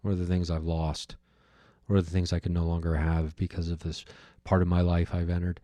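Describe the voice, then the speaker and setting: A man's voice: sits low, level tone, fairly quick, mellow, no room sound. A man hosting his own podcast, telling a personal story in a reflective, musing way with many fillers and restarts. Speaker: podcast host. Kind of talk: reflective solo monologue.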